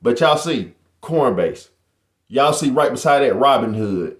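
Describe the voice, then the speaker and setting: Animated man in an echoey room. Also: medium pitch, a little slow. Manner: animated, boastful, addresses viewers as "y'all". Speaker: YouTuber. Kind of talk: casual motivational vlog.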